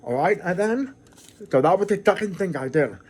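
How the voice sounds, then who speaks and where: A middle-aged man with a notably high-pitched voice hosts his own vlog in a loose, casual way. He is earnest and effusive, circling back and repeating words as he talks, and his sentences keep restarting. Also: animated, moderate pace, husky. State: emotional, near tears. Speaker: channel host. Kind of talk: casual talking-to-camera vlog.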